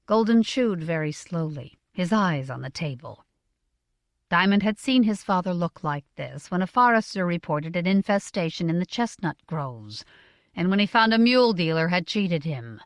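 A woman narrating a story in a measured, expressive reading. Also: on the low side, no echo, studio quality. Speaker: audiobook narrator. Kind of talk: scripted narration.

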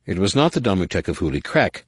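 A man with a very low voice narrates a novel in a measured, expressive way. His pitch moves a lot across each sentence. The recording is dry and close. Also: breathy edge, no echo. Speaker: audiobook narrator. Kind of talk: scripted narration.

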